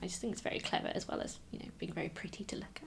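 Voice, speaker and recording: A woman's voice: racing, in a whisper. A woman co-hosting a podcast, talking casually and eagerly about a film with many fillers and restarts. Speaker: podcast co-host.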